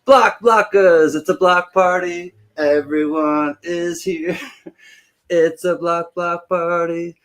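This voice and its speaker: A man's voice: fairly high pitch, level tone, fairly bright tone, clear, resonant tone, soft background music. A man hosting a live online auction stream, greeting viewers one by one in a playful, joking way. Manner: playful and jokey, rattles off viewer names quickly. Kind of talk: casual livestream chat greeting viewers.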